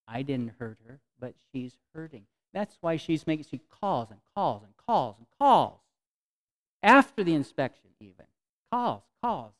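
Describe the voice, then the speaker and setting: A man preaching a conversational sermon to his congregation, telling stories with frequent restarts and swinging from soft to emphatic. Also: fairly high pitch, sing-song, moderate pace. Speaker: pastor. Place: congregation meeting in a temporary venue.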